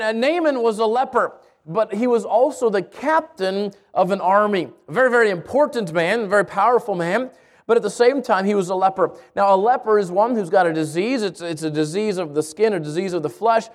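High-voiced lively male preacher. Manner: lively storytelling with repeated restarts. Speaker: pastor. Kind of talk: sermon. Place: church in Albuquerque.

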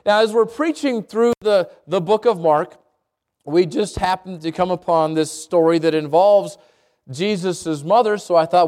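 A middle-aged pastor retelling a children's story in a casual, chatty sermon with asides to the congregation. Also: male voice, high-pitched, measured pace, a little mellow.

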